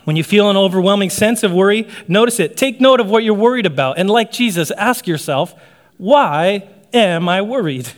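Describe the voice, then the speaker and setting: A man delivers a sermon in a relaxed, talky way, checking in with his listeners and laughing lightly. His voice sits a touch higher than most men's. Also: brisk, few pauses. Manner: conversational preaching with frequent "right?" asides and light laughs. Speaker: pastor.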